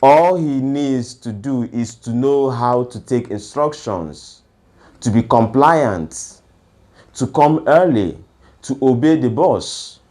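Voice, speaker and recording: A man's voice: mid-range voice, expressive, slow pace, mellow. A man giving a lecture-style talk on education, asking rhetorical questions and then answering them. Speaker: education speaker.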